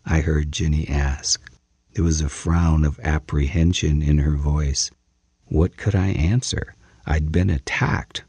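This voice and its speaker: Super deep guy reading a story out loud, slow and dark, kinda husky. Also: no room sound. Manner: measured, dramatic first-person storytelling. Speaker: narrator. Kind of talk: audiobook narration.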